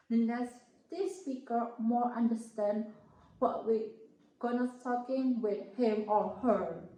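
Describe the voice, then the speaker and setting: Slow, halting woman in an echoey room. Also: a little high, warm tone. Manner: slow, halting, careful over each word. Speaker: student presenter. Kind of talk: classroom explanation.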